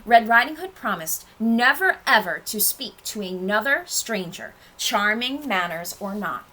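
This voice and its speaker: Preschool teacher lady reading a story, super bright voice, sing-songy and expressive. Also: mid-range voice, measured pace, slight background noise, poor audio. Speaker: nursery school teacher. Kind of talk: storybook reading for young children.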